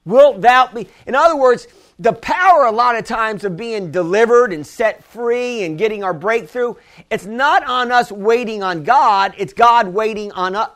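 Preaching to his church at an ordinary speed, this high-voiced pastor has a fairly bright tone. He wanders conversationally, restarting and digressing, before rising into forceful appeals to the congregation.

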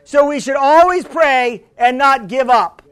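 A man with a strikingly high voice preaches a sermon, a little slowly. Fervent, he climbs into shouts and then settles back into a conversational tone, often restarting and calling out to the congregation.

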